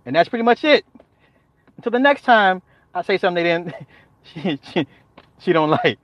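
A man with a fairly high voice riffs loosely with his stream chat, cursing freely, laughing easily and hammering his points with repetition. The sound is dull and lo-fi but very dry and close, with no room echo. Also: expressive, normal speed, a bit bright. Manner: profane, joking banter with frequent laughter; talks back to chat, repeats phrases for emphasis. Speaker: live streamer. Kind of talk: casual live-stream chat.

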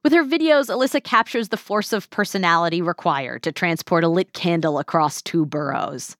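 A woman hosting a podcast, narrating in a measured, even way and chatting with her guest. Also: lowish voice, a little hiss or hum. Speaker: podcast host. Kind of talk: scripted narration and interview chat.

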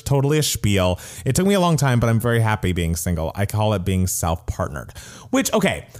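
Podcast co-host, male, animated and jokey, swoops in pitch. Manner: animated, jokey, trails off into laughs. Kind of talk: casual chat.

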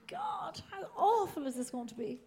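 Lively laughing Irish woman comedian. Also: very high voice, normal speed, reverberant. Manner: animated, laughing, swearing storytelling. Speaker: comedian guest. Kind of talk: casual chat.

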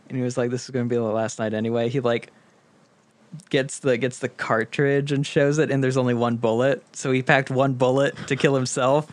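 A young man in casual chat, easygoing and quick to laugh as he pitches story ideas. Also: no echo. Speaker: co-writer.

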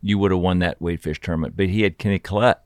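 A man hosting a relaxed interview, asking questions and adding brief comments. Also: deep voice, quick pace, dry recording. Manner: asks questions, adds short reactions and laughs. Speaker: interview host. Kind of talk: interview chat.

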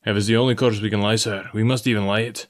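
A man reading the part of a stern, steady sea captain who gives clipped orders. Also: fairly low pitch, fast, lightly acted. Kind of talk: audiobook dialogue reading.

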